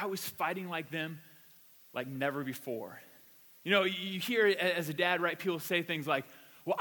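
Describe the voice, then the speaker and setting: The pastor's high voice sounds pushed and bright, trailed by a long reverb. He delivers a conversational sermon with a personal story, narrating casually and animatedly and repeating words as he goes.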